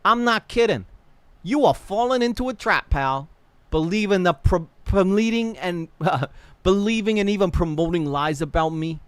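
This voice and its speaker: A man's voice: high-pitched, animated, moderate pace, fairly bright tone, clear, resonant tone, no room sound, voice pushed up. A man putting on a brash New York tough guy. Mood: indignant. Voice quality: brash and needling, repeats "okay" and "pal". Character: pushy defensive man with a tough-guy attitude.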